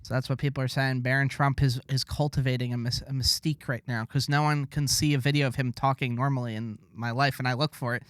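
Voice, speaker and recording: A man's voice: medium pitch, level tone, quick pace, hardly any pauses, a bit bright, clear, resonant tone, no echo. A man co-hosting a podcast, rambling through casual banter in a sarcastic, mock-boastful way. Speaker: podcast co-host.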